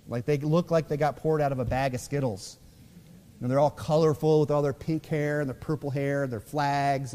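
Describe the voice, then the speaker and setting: A man's voice: on the high side, dark tone. A man preaching a sermon in a loose, conversational way, with frequent fillers, and reading scripture aloud. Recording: long reverb of a church hall.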